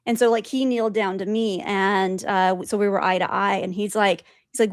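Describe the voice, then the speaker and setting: A woman guest telling her spiritual experiences in an animated way, laughing often and acting out quotes. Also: medium pitch, brisk, hardly any pauses, clear, resonant tone, dry recording, studio quality. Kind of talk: storytelling in conversation.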